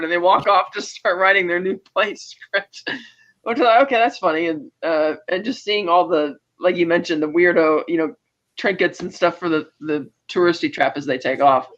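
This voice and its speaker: A high-pitched man with a bright, forceful edge to his voice hosts a casual movie review chat. He retells scenes with animation and slips into the characters' lines as he goes. The sound is dull and lo-fi. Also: moderate pace. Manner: animated storyteller, acts out lines of dialogue. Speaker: podcast host, film reviewer.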